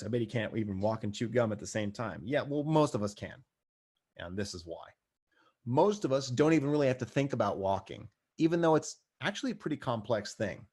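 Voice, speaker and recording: Male paramedic instructor, medium-pitched, talks through a recorded lecture in a casual conversational way with dry jokes. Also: a little mellow. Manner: conversational, dry asides, checks in with "right?".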